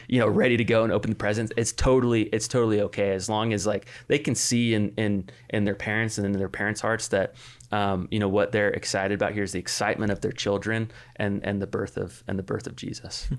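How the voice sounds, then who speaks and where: A man's voice: fairly low pitch, level tone, a little fast. A man in his thirties co-hosting a podcast, talking casually with lots of fillers and restarts. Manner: rambling, many fillers and restarts. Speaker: podcast co-host. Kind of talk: casual chat.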